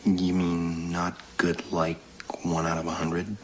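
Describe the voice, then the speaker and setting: A man's voice: deep voice, monotone, slow, a little hiss or hum, rough recording. An actor playing a hopeful, lovesick, dim-witted man in a comedy film, speaking earnestly and pleadingly.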